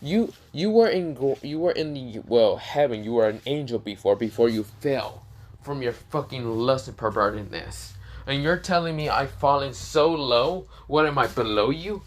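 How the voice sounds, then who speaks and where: A man's voice: medium pitch, animated, very slow, vocal fry, long pauses, dark tone, full character voice. A man voicing a smug, vengeful young man who mocks and swears in a raised voice. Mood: scornful.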